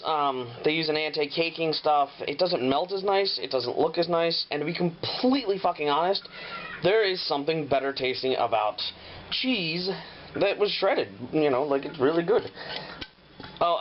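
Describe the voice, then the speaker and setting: A man's voice: fairly high pitch, lively intonation, normal speed. A man hosting a casual home cooking show, rambling and swearing freely as he walks through the steps in his kitchen. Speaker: home cook and show host. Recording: dull lo-fi audio with clear noise.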